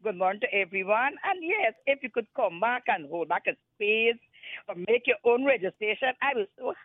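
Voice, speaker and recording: A woman's voice: on the high side, expressive, moderate pace, no room sound. A woman calling in to a radio show, chatting in a loose, rambling way. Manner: rambling, loose creole-tinged English. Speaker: caller. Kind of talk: casual call-in chat. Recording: tinny phone line.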